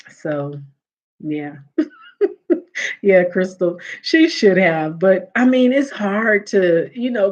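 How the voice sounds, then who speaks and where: Woman, casual livestream storyteller, laughs a lot, lo-fi sound. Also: fairly low pitch. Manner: animated, laughs often, acts out quoted relatives. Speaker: livestream host. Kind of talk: casual storytelling to live chat. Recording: dull lo-fi audio.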